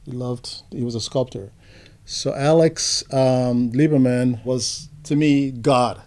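An older man being interviewed, telling stories from his career in a relaxed, reflective way with frequent fillers. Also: mid-range voice, slow pace. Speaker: interview guest, photographer.

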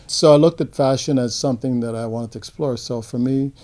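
An older man recounts his past as an interview guest. His voice is dark and mellow, and he talks in an unhurried, reflective way, pausing on fillers as he remembers. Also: medium pitch, steady tone. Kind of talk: relaxed storytelling interview.

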